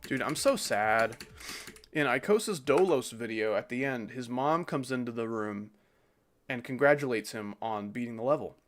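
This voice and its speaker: A man's voice: medium pitch, animated, normal speed, soft background music. A man streaming a game, rambling casually as he comments on his play. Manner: rambling, chatty, swears casually. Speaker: gaming streamer.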